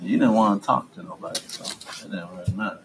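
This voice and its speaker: A man's voice: on the low side, quick pace, creaky. Man in his thirties, podcast host and father, playful and lecturing, slight background noise. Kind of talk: casual family chat.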